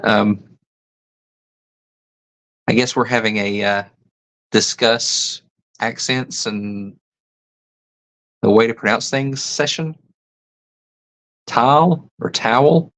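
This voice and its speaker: A man's voice: lowish voice, fairly even intonation, slow, long pauses, a bit bright, poor audio. A middle-aged man hosting a casual live stream, reading viewer comments aloud and musing about pronunciations with frequent chuckles. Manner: rambling, chuckles often, muses on pronunciations.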